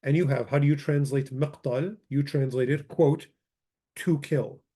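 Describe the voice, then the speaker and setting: Casual man teaching grammar, mellow voice. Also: mid-range voice, fairly even intonation, a little slow, slightly rough. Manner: casual, thinks aloud, corrects himself, mutters asides. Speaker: language teacher. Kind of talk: informal grammar lesson, reading from a textbook.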